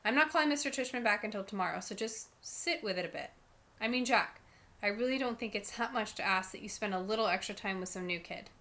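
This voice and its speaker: A woman voicing a patient mother who gently coaxes her son. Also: mid-range voice, fast talker. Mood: coaxing. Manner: gently persuasive.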